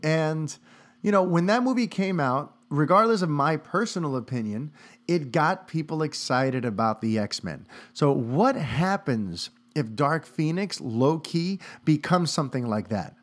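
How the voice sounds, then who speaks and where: A man's voice: fairly high pitch, measured pace. A man hosting a podcast, talking casually and animatedly on his own, with many fillers. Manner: animated, talkative, many "you know" fillers. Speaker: podcast host. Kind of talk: casual solo commentary.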